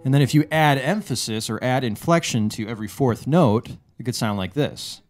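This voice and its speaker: A man teaching a guitar lesson, explaining a lick step by step in a measured way, often restarting his phrases. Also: medium pitch. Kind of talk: relaxed instructional explanation. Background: guitar playing.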